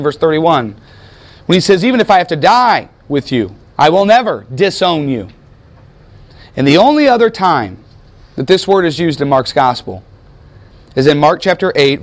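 An American man teaching a sermon in a conversational way, asking his listeners questions and searching aloud for words. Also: fairly high pitch. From United States. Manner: conversational, asks the audience questions. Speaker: pastor.

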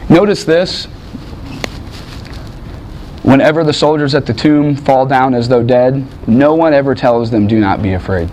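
A man preaching a sermon, dramatic, swinging from loud bursts to hushed lines and acting out quotes in voices. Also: medium pitch, fairly even intonation, measured pace, long pauses, a little hiss or hum. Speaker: pastor.

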